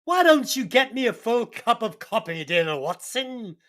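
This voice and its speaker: A man in a comedic amateur podcast skit, voicing a pompous, bossy British detective with a shaky, exaggerated accent, drawling and loud. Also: very high-pitched, sing-song, a little slow, pitched above the performer's own voice, heavily acted. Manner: drawling, loud, calls others old chap. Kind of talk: comedic amateur scene reenactment.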